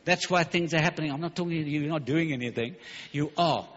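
Fervent preacher in a big hall. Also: male voice, fairly high pitch, a bit bright. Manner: fervent, emphatic, rushing with stumbles. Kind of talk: sermon. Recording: dull recording in a large hall.

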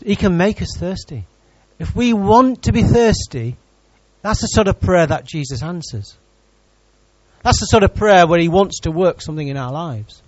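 A man delivers a sermon in a high, very animated voice that leaps up and down. He preaches as a pastor and teases his congregation with jokes between his points. The sound is dry and a little dull. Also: dry recording. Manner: lively, teasing preacher who jokes with the congregation.

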